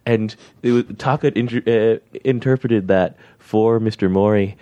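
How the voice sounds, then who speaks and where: A man's voice: on the low side, a little slow, warm tone, no room sound, dull audio. A man hosting a casual podcast chat, telling stories and laughing often. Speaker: podcast host.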